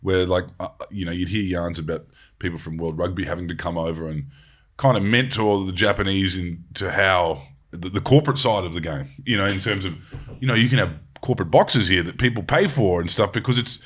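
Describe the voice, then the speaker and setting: A man's voice: low voice, a little fast, a bit bright. An Australian man hosting a podcast, rambling and swearing freely in casual chat, with frequent "you know"s. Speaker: podcast host.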